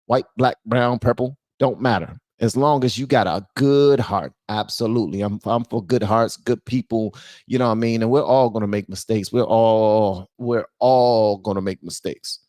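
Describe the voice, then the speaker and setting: A man hosting his own channel, giving blunt, animated commentary and talking straight to his viewers. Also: lowish voice, moderate pace, no echo, clean studio sound. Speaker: channel host. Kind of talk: casual political commentary.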